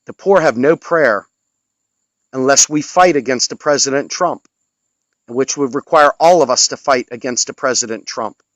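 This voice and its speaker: A man's voice: mid-range voice, normal speed, a bit bright, dry recording, rough recording. A man delivering an impassioned political rant, angry, sarcastic and scolding toward his listeners. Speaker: political commentator.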